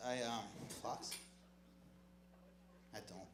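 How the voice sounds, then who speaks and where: A man performing a stand-up comedy set on a club stage, with an awkward, self-deprecating delivery full of halting restarts. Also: medium pitch. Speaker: stand-up comic. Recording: echoey club room with crowd noise.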